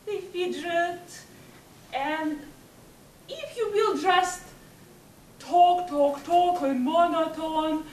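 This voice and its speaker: Slow, emphatic woman with a high, lively voice. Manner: slow, emphatic delivery with swooping pitch. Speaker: speaker at a public speaking club. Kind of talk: leading speaking exercises. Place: meeting hall. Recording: echoey hall from far off, faint hiss.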